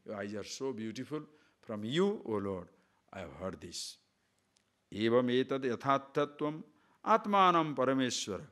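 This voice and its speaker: A man, a spiritual teacher giving an emphatic discourse on scripture and posing frequent rhetorical questions. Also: fairly low pitch.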